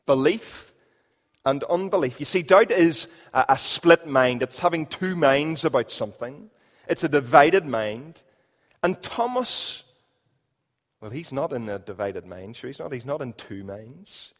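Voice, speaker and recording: A man preaching a sermon in a church, emphatic, repeating key phrases and swinging between loud and quiet. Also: medium pitch, animated, measured pace, in a large hall. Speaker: pastor.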